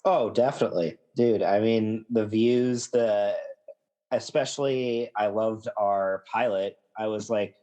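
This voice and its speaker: A man's voice: lowish voice, steady tone, unhurried, mellow. A man in a casual podcast chat, talking enthusiastically and swearing freely. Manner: enthusiastic and profane.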